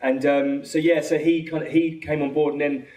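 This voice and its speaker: A man with a London accent, a film director answering questions after a screening, talking quickly with many restarts and acted-out quotes. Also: fairly high pitch, level tone, dark tone. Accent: London English. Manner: fast, rambling, full of restarts and quoted dialogue. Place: cinema auditorium. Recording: echoey hall from far off.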